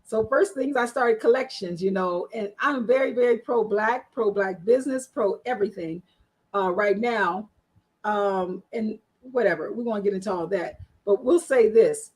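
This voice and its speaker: On an online panel show, a guest who works as a marketing strategist shares her story chattily and frankly, using many fillers. She speaks at a moderate pace in a mid-range voice with a breathy edge, and the recording quality is rough.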